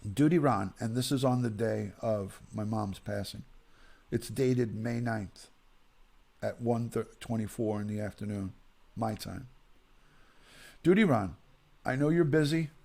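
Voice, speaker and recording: A man hosting a live stream, reading viewers' condolence emails aloud in a slow, emotional, halting way. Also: mid-range voice, gravelly, a little mellow.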